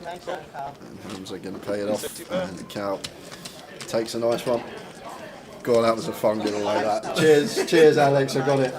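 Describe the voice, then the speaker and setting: A man rambles through poker commentary, tripping over his words and restarting sentences as he laughs along. His voice sits at an ordinary middle pitch. A busy crowd murmurs clearly behind him. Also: expressive, a little slow, pauses often. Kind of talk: casual live commentary chat.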